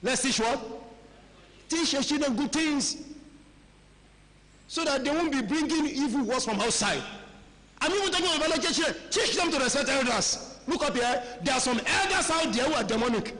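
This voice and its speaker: Nigerian bishop preaching in a reverberant hall. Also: male voice, extremely high pitch, lively intonation, moderate pace, a bit bright. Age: middle-aged. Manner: conversational preaching, mixing pidgin and Yoruba phrases. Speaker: pastor. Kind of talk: sermon. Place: large church hall. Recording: long church-hall reverb.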